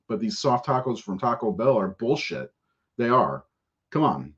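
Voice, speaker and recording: A man's voice: fairly low pitch, breathy edge. A man hosting a podcast in casual live-stream chat, rambling and profane and laughing often. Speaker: podcast host. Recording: dull lo-fi audio.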